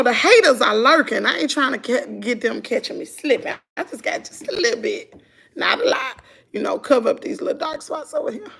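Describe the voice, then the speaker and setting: A hoarse woman with a Southern US accent, chatting casually with viewers on a live stream. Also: a little high, animated, brisk, fairly bright tone. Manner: chatty, talks to viewers as y'all. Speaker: vlogger.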